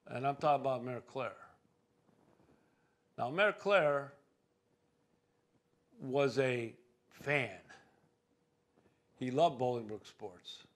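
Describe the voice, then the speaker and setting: A man hosting a local cable talk show, rambling through community sports talk with frequent fillers. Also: on the high side.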